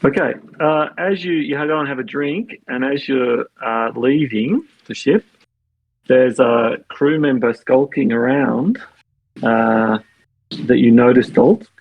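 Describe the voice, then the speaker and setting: A man narrating as game master, halting and full of fillers, often laughing. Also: mid-range voice, narrow, tinny audio.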